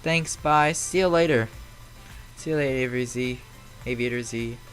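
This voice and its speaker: A man's voice: medium pitch, moderate pace, fairly bright tone, faint music behind. Man chatting casually on a live stream. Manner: rambling, answers chat messages aloud. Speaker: flight sim live streamer. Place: at home.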